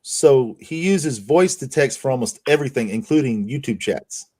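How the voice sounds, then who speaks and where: A man's voice: medium pitch, lively intonation, moderate pace, mellow. A man hosting a casual livestream chat, swearing freely and laughing through his stories. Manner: profane, laughing storyteller. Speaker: streamer host.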